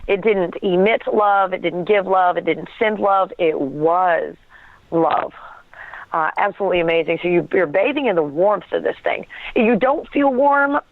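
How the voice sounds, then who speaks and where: A woman's voice: fairly low pitch, moderate pace, dry recording. A woman telling a personal story as an interview guest, earnest and searching for words, often breaking into a laugh. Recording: tinny phone line, dry.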